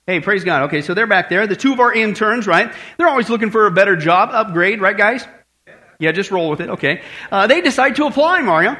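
A man's voice: high voice, sharp tone. A man preaching as a pastor, joking with his congregation and hammering points through emphatic repetition. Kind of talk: sermon.

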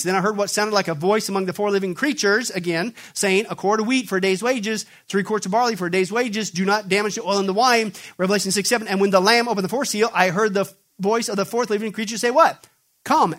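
A male preacher with a high-pitched voice, delivering a forceful sermon. He keeps asking questions and answering them himself, swinging between loud, pressing emphasis and low, intense passages. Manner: emphatic call-and-response questioning.

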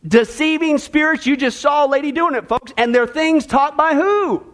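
A male pastor preaching an animated, sarcastic sermon, full of rhetorical questions. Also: extremely high pitch, moderate pace.

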